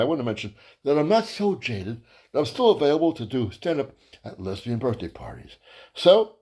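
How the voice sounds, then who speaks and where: Crude, lively stand-up comic. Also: male voice, husky. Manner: crude, profane, rambling with fillers; lively, jumps to high voices for quotes. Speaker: stand-up comedian and show host. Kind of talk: stand-up storytelling monologue.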